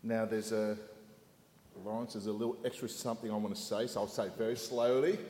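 A man preaching a sermon in a church hall in short phrases, pausing so an interpreter can follow. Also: fairly low pitch, fairly even intonation, warm tone. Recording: echoey hall with long reverb.

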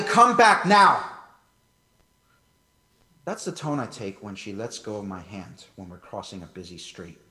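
A young man preaching a sermon as pastor, emphatic and conversational. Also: lowish voice. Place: church hall. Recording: echoey church hall, voice from far off.

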